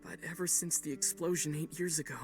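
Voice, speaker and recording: A man doing a young college dropout in a video game, earnest and full of self-blame. The voice sits high for a man, with faint guitar music behind it. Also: fairly even intonation, fast, lightly acted. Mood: regretful. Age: young adult. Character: young adult male college dropout, guilt-ridden. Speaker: game character.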